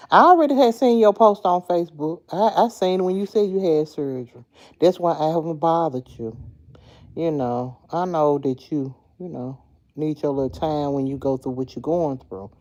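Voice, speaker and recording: A woman's voice: lowish voice, lo-fi sound. A woman hosting a casual livestream, talking freely and playfully with her viewers and answering their comments by name. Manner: talkative, animated, playful. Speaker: livestream host chatting with viewers.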